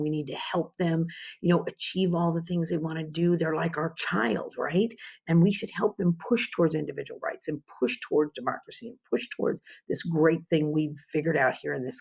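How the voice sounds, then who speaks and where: A woman's voice: low-pitched, vocal fry, darkish tone, husky, muffled recording. A woman teaching a history lesson in an informal, conversational way, asking rhetorical questions as she goes. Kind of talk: informal classroom lecture.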